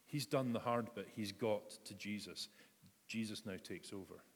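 A man's voice: lowish voice, normal speed. A man preaching a reflective sermon, retelling a story and inviting his listeners to picture it. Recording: echoey hall reverb.

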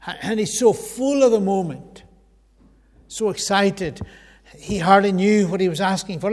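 A man preaching a sermon in a church hall, earnest, rising to loud emphasis and sinking to near whispers. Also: high-pitched, measured pace. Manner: earnest, swells loud then drops to a hush. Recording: long hall reverb.

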